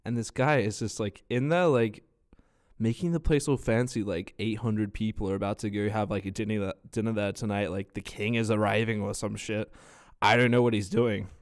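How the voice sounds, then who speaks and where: A man's voice: on the low side, normal speed. A young man with an Australian accent telling rambling, swear-filled stories in a casual vlog, his nose stuffed from a cold. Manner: swears a lot, rambling and animated. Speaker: vlogger.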